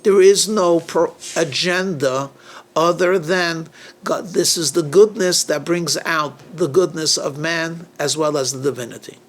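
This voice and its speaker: A male rabbi gives a sermon built around storytelling, deliberate and questioning, with occasional halting restarts. He has a fairly high voice and speaks slowly, drawing out his points.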